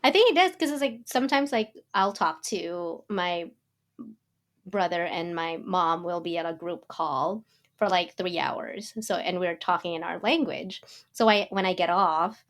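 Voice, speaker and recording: A woman from the Philippines co-hosting a podcast, chatting casually, animated and quick to laugh. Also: lowish voice. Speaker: podcast co-host. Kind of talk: casual chat.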